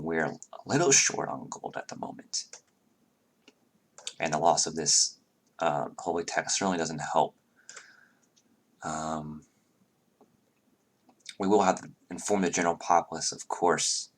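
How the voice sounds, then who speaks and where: A man playing a composed duchess in a tabletop game, polite and formal. The voice sits very low and measured, unhurried, like a careful administrator. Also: fairly bright tone, full character voice. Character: formal, measured duchess, middle-aged woman. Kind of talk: tabletop role-play voicing.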